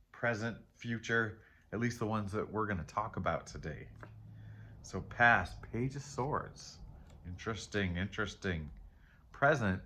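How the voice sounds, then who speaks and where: A man hosting a casual tarot reading, rambling and reflective, often trailing off, questioning himself and laughing softly at himself. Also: fairly low pitch. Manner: candid and self-deprecating, with soft laughs. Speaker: tarot reader and channel host. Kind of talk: casual spiritual chat while reading tarot.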